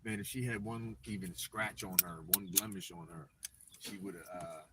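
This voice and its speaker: A man's voice: fairly low pitch, normal speed. A man telling a long personal story in casual live-stream chat, rambling with restarts and acted-out quotes. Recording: distant mic with clear background noise.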